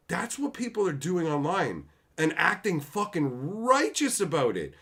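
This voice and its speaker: A male live-stream host with a bright, slightly high, forceful voice. He rants bluntly and sarcastically with plenty of swearing. He breaks off now and then to greet viewers in the chat. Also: wildly swooping pitch, moderate pace, vocal fry, husky. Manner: blunt, sarcastic, profane ranting. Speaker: livestream host. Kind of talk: profane live-stream commentary.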